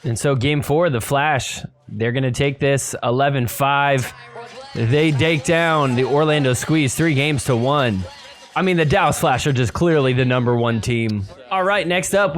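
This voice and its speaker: A man hosting a podcast, recapping matches with excitable play-by-play and fast ad reads. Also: medium pitch. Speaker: podcast host. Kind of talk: casual recap commentary with ad read.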